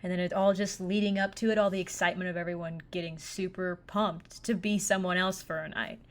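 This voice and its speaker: A young woman co-hosting a casual chat, talking in an easy, drawn-out way. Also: on the low side, fairly even intonation. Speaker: podcast co-host.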